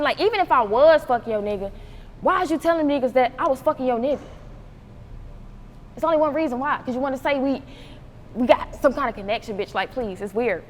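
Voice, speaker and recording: A young woman with a high-pitched voice, telling stories in a loose, profane and animated way, jumping into the voices of the people she quotes. She sounds like she is in a roomy space with a long reverb tail and a faint hiss behind her. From North Carolina, USA. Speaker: rapper, interview guest. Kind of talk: casual storytelling interview.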